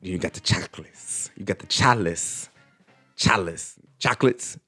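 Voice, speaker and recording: A man's voice: low voice, moderate pace, faint music behind. A young man hosting a podcast, chatting casually and riffing on listener questions with slang and lots of repetition. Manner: animated, rambling, riffing with slang and repeated phrases. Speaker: podcast host.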